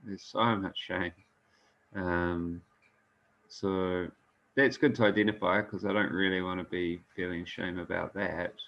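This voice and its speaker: A man's voice: deep voice, steady tone, unhurried, gravelly, a bit bright. Man, New Zealand accent, candid group sharing, muffled lo-fi call. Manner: open, candid, hesitant fillers. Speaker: workshop participant.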